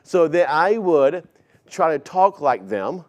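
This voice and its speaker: A man's voice: on the high side, big pitch swings, slow. Man in his forties, chatty sermon. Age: 40s. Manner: conversational storytelling with stammered repeats; acts out quoted dialogue in shifting voices. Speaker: preacher.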